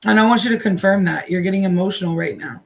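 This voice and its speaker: A woman in the middle of a live-streamed psychic reading, her voice sitting at an ordinary middle pitch. She speaks in halting, repetitive bursts that keep circling back with feeling. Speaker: psychic card reader. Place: her own room.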